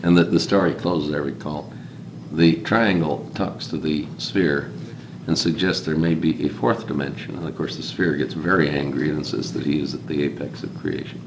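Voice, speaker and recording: A man with a very low voice leads an informal group talk, reflective and rambling, building his points through repetition. He is recorded in an echoey room with faint background hiss. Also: fairly even intonation, normal speed. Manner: reflective, rambling, repeats "consider" for emphasis.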